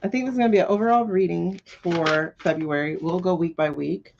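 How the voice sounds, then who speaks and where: Woman, casual live-stream tarot host, blunt and swears freely, lowish voice, slightly muffled lo-fi audio. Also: fairly quick, vocal fry, noisy background. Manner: blunt and animated, swears freely, laughs often.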